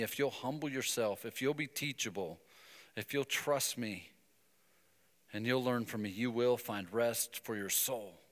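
A man preaching a sermon, telling a story and breaking into emphatic, animated bursts. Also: medium pitch, big-room sound. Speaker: pastor.

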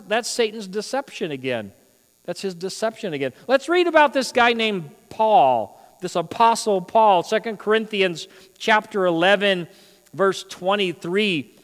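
High-pitched guy preaching in a church, big hall echo, gets loud then drops way down. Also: a little slow. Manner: animated preaching, swings between loud emphasis and quiet asides. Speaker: pastor. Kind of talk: sermon. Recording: long reverb of a large hall.

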